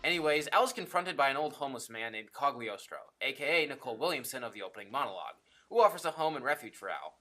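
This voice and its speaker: Guy doing a movie review, bright voice, bounces all over the place, swears a lot. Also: mid-range voice, animated, faint music behind. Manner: enthusiastic, swears freely, quick jokey asides. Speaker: film reviewer. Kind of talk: casual video review.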